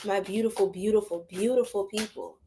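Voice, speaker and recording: A woman's voice: medium pitch, steady tone, brisk, dark tone, slight background noise. A woman giving a casual psychic tarot reading to her viewers, chatty and full of slang, often laughing.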